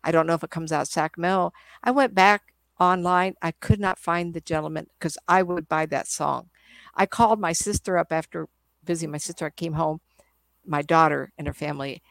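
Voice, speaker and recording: An older woman appears as a psychic medium guest in a casual interview, spinning rambling, chatty stories. Her voice is lowish and fairly quick with vocal fry, recorded with no room sound.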